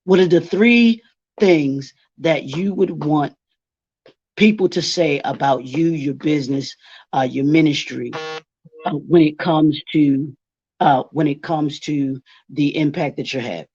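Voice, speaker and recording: A man's voice: fairly high pitch, unhurried, a little mellow, husky, no room sound. A man from Baltimore giving a workshop presentation, asking rhetorical questions and restating each point. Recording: dull, dry lo-fi recording.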